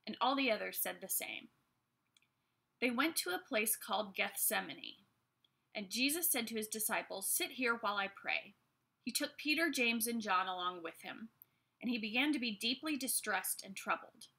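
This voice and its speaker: Bright-voiced woman teaching a Bible lesson. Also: a little high. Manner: chatty and animated, with many fillers and asides. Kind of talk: casual Bible lesson with scripture reading.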